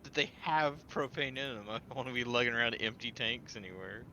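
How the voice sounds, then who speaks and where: A man's voice: mid-range voice, brisk, bright, forceful tone, a little hiss or hum. A man playing a tabletop game over voice chat, argumentative and easily exasperated. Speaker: player.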